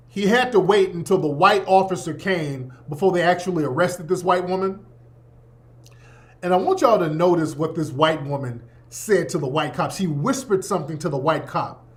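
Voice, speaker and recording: A man's voice: high voice, moderate pace. A man hosting his own show, giving emphatic, profane, preachy commentary in a casual way. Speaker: host.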